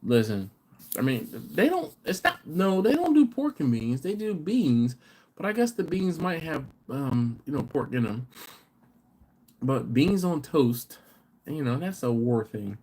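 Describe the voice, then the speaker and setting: A man's voice: fairly high pitch, very animated, a little slow, darkish tone, breathy edge. A man from the United States hosting a live barbecue stream, chatting casually, reading out viewer comments and telling rambling stories. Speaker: host of a live barbecue channel.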